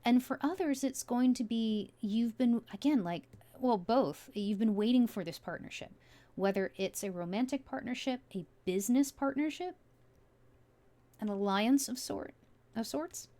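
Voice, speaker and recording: A woman's voice: on the high side, expressive, normal speed, dark tone. A woman giving a casual tarot reading, musing aloud with many fillers as she turns the cards. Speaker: tarot reader.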